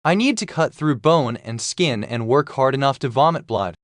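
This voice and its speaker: A man's voice: medium pitch, expressive, normal speed, no room sound, clean studio sound. A man narrating a story recap in the first person, in an earnest, matter-of-fact way.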